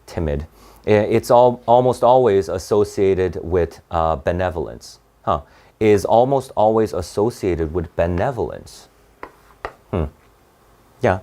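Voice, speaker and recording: Male tutor, slightly low voice, casual think-aloud lesson. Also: expressive, a little slow, darkish tone. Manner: thinks aloud, restarts, frequent "right?". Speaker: test prep tutor. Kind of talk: online reading lesson.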